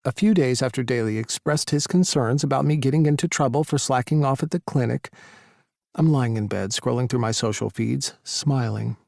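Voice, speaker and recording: A man narrating a first-person romance audiobook in a steady storytelling manner. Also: medium pitch, normal speed, creaky, no room sound, clean studio sound.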